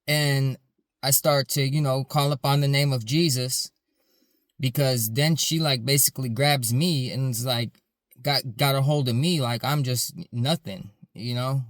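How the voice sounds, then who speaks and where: A man's voice: medium pitch, steady tone, unhurried, no room sound, studio quality. Earnest man rambling through a story. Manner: earnest, rambling with many "like" fillers. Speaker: security supervisor telling his dreams. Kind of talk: casual storytelling to camera.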